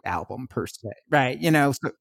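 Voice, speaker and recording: A man's voice: mid-range voice, expressive, normal speed, gravelly, a bit bright, dry recording, clean studio sound. A man hosting a podcast interview and talking to his guest in an eager, chatty and playful way. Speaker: podcast host. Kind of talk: casual interview chat.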